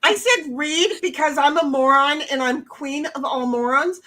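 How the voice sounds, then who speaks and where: A woman co-hosting a casual livestream chat, blunt and brash, swearing freely and breaking into sudden loud outbursts. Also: high voice, unhurried. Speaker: livestream co-host.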